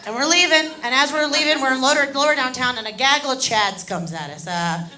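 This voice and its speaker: Female stand-up comedian, bright higher voice, lively storyteller on a club stage mic. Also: brisk, a faint crowd. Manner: animated storytelling, acting out drunk voices.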